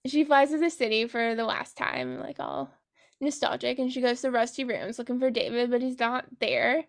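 A woman with a high voice and noticeable vocal fry is retelling a novel on her podcast. She talks in a sarcastic, casual way, swearing freely and giggling. It feels like a loose chat between friends. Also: lively intonation, normal speed. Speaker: book podcast host.

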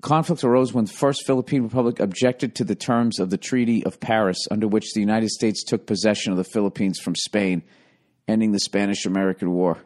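A man with a fairly low voice talks through a long, rambling story on his own podcast. He swears freely and keeps breaking off to do high, mocking impressions of the people in his story. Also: steady tone, brisk, darkish tone. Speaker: podcast host. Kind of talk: casual storytelling monologue.

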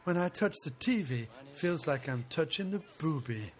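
A man's voice: a little high, animated, normal speed. A man riffing crudely and playfully over a film, often slipping into silly voices.

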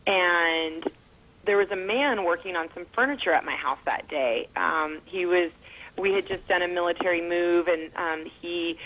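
Middle-aged woman, interview guest, earnest emotional storyteller, slightly low voice. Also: a bit bright, rough recording. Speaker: guest, mother and foundation founder.

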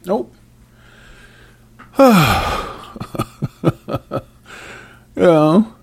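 A man giving a freewheeling, profane Bible commentary, brash and mocking, swinging between loud outbursts and low mutters. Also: sing-song, a little slow. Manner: brash, mocking and full of cursing. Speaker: self-styled preacher.

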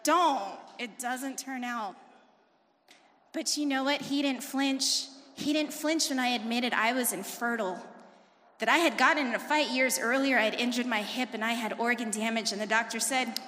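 A woman in her forties giving a personal testimony in church, talking fast and telling her story with animated, emphatic intensity. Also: on the high side. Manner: emphatic, rising to forceful intensity. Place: church sanctuary. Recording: long reverb of a large hall.

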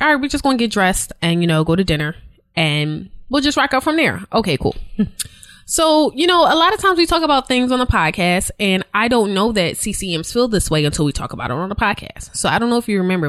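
A woman podcast co-host telling a travel story in casual chat, animated, laughing, swearing freely. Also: on the low side, dry recording.

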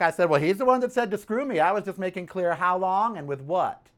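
A man's voice: high-pitched, fast talker. A man hosting his own podcast, ranting casually about politics and telling a story with sassy "honey" asides. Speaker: podcast host.

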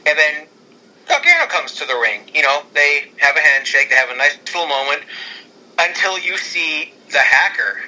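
A man in casual chat, excitedly rambling through an imagined storyline with many restarts. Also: on the high side, moderate pace, slight background noise, rough recording. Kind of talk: casual fantasy-booking chat.

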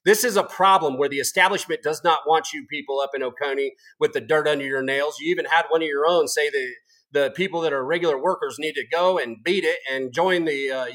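Guy host going off on a political rant, swearing a lot, combative, kinda high voice. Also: a bit bright. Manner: profane, combative, emphatic. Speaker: political talk show host.

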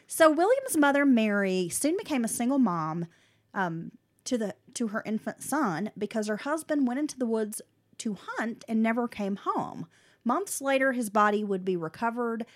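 A woman co-hosting a casual chat, telling a story in a relaxed way with frequent fillers and restarts. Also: on the high side, normal speed.

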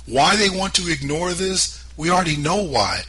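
Emphatic man with a very bright voice. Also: on the high side, animated, moderate pace, a little hiss or hum, poor audio. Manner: emphatic, fires off rhetorical questions; sarcastic, mocking asides. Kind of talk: opinionated political commentary monologue.

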